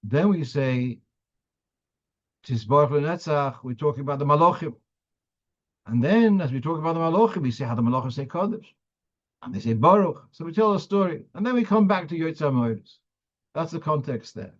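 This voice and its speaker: A man's voice: a little high, lively intonation, a little fast, highs cut off. A man teaching a weekly halachic class as a rabbi, explaining step by step and thinking aloud with frequent restarts. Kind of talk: halachic lecture.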